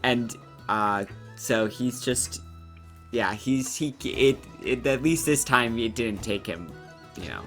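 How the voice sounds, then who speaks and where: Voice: mid-range voice, slow pace, a bit bright, soft background music. A player at a tabletop game, rambling and laughing while explaining their character. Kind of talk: casual tabletop play.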